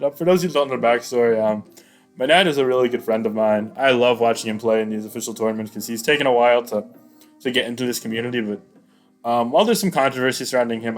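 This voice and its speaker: Excitable man commentating a game. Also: mid-range voice. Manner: chatty, excitable, rambling with fillers. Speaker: YouTube battle commentator. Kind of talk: casual play-by-play game commentary.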